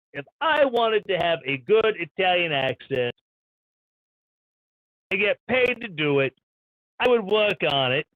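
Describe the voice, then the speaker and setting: Brief: high-pitched male live stream host, irreverent ranting commentator. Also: dry recording. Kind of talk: sarcastic news commentary. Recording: dull lo-fi stream audio.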